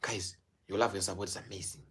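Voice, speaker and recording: A young Zimbabwean YouTuber, Shona as his first language, celebrates a subscriber milestone in a casual vlog, mixing English and Shona mid-sentence. The voice is low and a little rough, steady yet fairly bright, and he talks fast.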